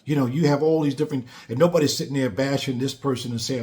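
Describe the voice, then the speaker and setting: A man's voice: mid-range voice, fast talker, hardly any pauses, darkish tone. A man giving a blunt, emphatic casual monologue on politics, repeating phrases for stress. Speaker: commentator.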